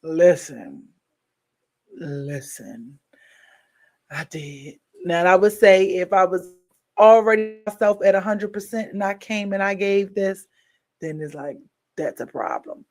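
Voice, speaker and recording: Slow and fairly low-pitched, with long pauses and a slightly mellow tone, a weary livestream host who has a daughter chats loosely with viewers as she wraps up. She encourages them in a slangy, casual way.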